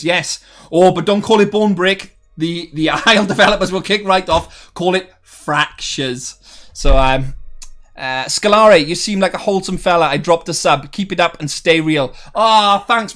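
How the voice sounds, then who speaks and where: A man's voice: fairly high pitch, bright, forceful tone. A man hosting a casual livestream, reading viewers' chat messages aloud and answering in a chatty, friendly way with many fillers and restarts. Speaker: streamer reading live chat.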